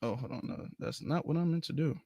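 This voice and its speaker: A man's voice: fairly high pitch, fast talker, creaky, darkish tone, no echo. A man hosting a livestream in a casual commentary style. He is emphatic and indignant and repeats his points. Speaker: livestream host.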